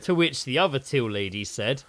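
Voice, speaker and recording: This podcast co-host is a man with a medium-pitched voice at a normal speed. He sounds tired in the casual chat but laughs often, staying animated and poking fun at himself.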